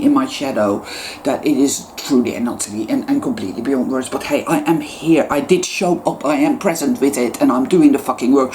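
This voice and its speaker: A woman's voice: very deep voice, mellow, slight background noise. A woman YouTuber giving an impassioned spiritual monologue, swearing heavily and repeating words for emphasis.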